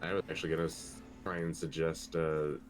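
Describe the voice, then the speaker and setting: Male player, very deep and even voice, calm, describes his character's actions. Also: a little fast, faint music behind, rough recording. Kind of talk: tabletop game play over voice chat.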